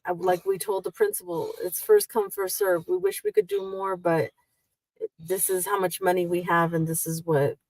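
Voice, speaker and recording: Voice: mid-range voice, lively intonation, vocal fry, dry recording, far from the mic, rough recording. A podcast co-host chatting and teasing on a livestream from a car in the rain. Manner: teasing, quick interjections. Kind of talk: casual livestream chat.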